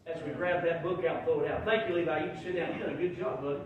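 A male pastor, preaching a folksy sermon that swells into shouted emphasis. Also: on the high side, steady tone, rapid-fire, narrow, tinny audio, background noise. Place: church sanctuary. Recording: very echoey room, from far off.

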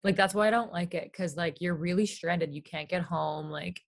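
Brief: young woman podcast guest, lower-pitched, animated chatty delivery. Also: creaky. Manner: quick animated recounting, filler "like". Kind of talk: casual chat.

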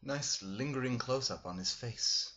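A man's voice: mid-range voice, unhurried, sharp tone, highs cut off. A man doing casual, sarcastic, rambling commentary as the host of a game let's play. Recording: game music playing behind.

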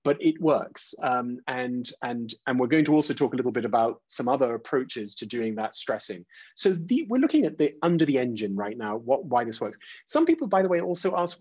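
A man's voice: mid-range voice, very animated, normal speed, darkish tone, slightly rough, no room sound. A man leading a teacher webinar in an informal lecture style, with many "uh"s and restarts, tapping out rhythms aloud over a video call. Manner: frequent "uh" and "um", restarts. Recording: dull, dry, lo-fi video call audio.

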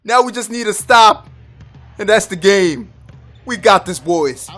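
A man giving excited live commentary over his own basketball video game, shouting at big plays. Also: high-pitched, a little slow, soft background music. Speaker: gaming YouTuber.

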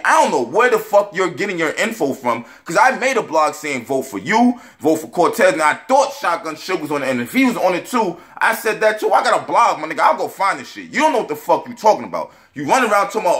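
A man, a battle rap blogger giving a brash, profane, animated rant in a video response. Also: fairly high pitch, fast talker, hardly any pauses.

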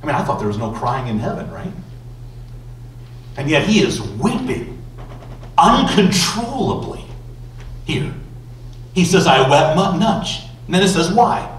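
A male pastor preaching a sermon slowly and emphatically, with dramatic pauses. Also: on the high side, animated, slight background noise. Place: church sanctuary. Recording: roomy church echo from far off.

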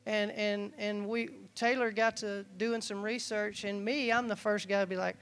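A man's voice: high voice, level tone, moderate pace, few pauses, a bit bright, clean tone. A man preaching a conversational sermon, telling personal stories in a loose, folksy way and often restarting his sentences. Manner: folksy, storytelling, acts out quoted dialogue; casual, loose, frequent restarts and asides. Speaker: church staff preacher.

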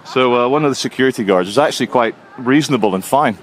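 A man filming himself outdoors on a city street, talking in a calm, sardonic, unbothered way as he gives casual commentary to the camera. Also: mid-range voice, fast, some chatter behind, a little hiss or hum. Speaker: vlogger filming in public.

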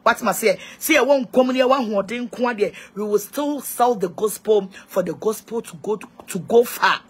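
This is a Ghanaian-accented woman evangelist with a husky, breathy voice. She pleads and presses her point in a mix of English and local speech, preaching straight to her followers. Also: a little high, moderate pace, hardly any pauses. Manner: mixes English and Twi, pleading and emphatic. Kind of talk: preaching appeal to viewers.

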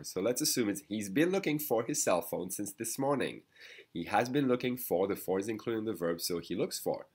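A man with a fairly low voice teaches a lesson. He speaks patiently, says phrases slowly and repeats them. He checks in often with "okay?" and "d'accord?". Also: slightly rough. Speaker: French teacher. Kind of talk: online language lesson.

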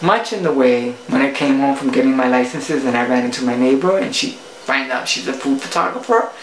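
A woman's voice: extremely low pitch, brisk, roomy sound, a little hiss or hum, poor audio. A woman, a cooking show host, telling a playful story in a casual vlog monologue. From Puerto Rico.

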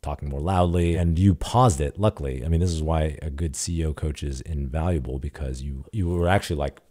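Deep mellow guy, tech founder, chatty storytelling, says like a lot. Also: brisk, breathy edge. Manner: casual, animated retelling with quoted dialogue and frequent "like". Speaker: startup founder, guest. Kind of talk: candid storytelling in an interview.

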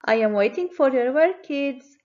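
A woman teacher giving a children's phonics lesson, speaking clearly and encouragingly. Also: high-pitched, expressive, a little mellow, lo-fi sound. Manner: slow, clear, encouraging classroom delivery.

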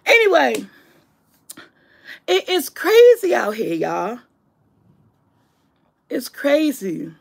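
A woman's voice: sits high, big pitch swings, slow pace, vocal fry, pauses often. A woman talking earnestly and emotionally to camera from home, often repeating herself as she makes her point. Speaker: vlogger. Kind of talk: casual heartfelt talk to camera. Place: at home on a couch.

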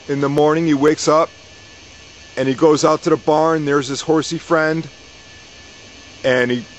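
A man's voice: mid-range voice, a little hiss or hum, low-quality recording. Folksy male storyteller. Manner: relaxed, folksy, repetitive phrasing. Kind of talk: casual oral storytelling.

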